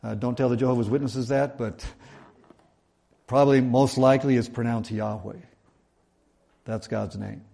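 A middle-aged man preaching to his congregation, his voice sitting at an ordinary pitch. He reads the verses aloud and then talks them through in an easygoing, explanatory way. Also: fairly even intonation, normal speed, vocal fry, pauses often, dark tone. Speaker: pastor. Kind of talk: sermon.

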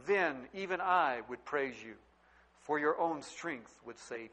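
A middle-aged man preaching a sermon, telling stories and swinging from loud to quiet. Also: fairly high pitch, expressive, measured pace, muffled recording. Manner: storytelling preacher, wide swings in loudness. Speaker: pastor.

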